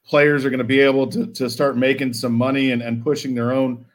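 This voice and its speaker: A man co-hosts a casual sports podcast. He chimes in with an easygoing, relaxed manner. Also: medium pitch, a little fast. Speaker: podcast co-host.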